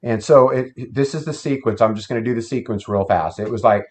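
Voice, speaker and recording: A man's voice: medium pitch, fast. Folksy man telling a campfire story. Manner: plain-spoken, folksy. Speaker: guest telling an encounter story. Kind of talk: casual storytelling. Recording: dull lo-fi sound.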